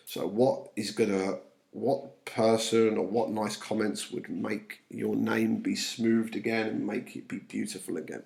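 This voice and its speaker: A man's voice: lowish voice, fairly even intonation, moderate pace, vocal fry, a little mellow. A man teaching a class, reading quoted verse aloud and then paraphrasing it in plain words. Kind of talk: explaining a play line by line.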